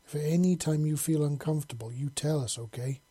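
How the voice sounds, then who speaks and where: A man's voice: on the high side, brisk, mellow, breathy edge. A man reading the lines of a caring young human woman, speaking in an earnest, reassuring way.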